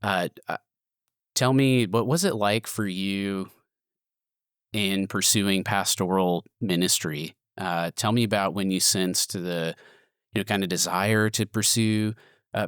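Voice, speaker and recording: Male interviewer, very deep and resonant, halting friendly questions, dry close sound. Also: fairly even intonation, clear, resonant tone, no room sound.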